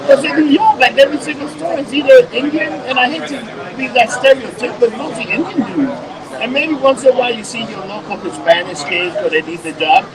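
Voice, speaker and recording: A man's voice: extremely high pitch, fairly quick, crowd noise, rough recording. A man co-hosting a podcast, talking in a loose, rambling, profane and jokey way. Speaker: podcast co-host. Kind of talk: casual chat.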